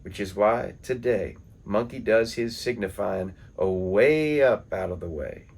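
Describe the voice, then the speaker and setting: A man reading poems and folktales aloud in a calm, measured storytelling manner. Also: fairly low pitch, creaky. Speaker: poetry reader.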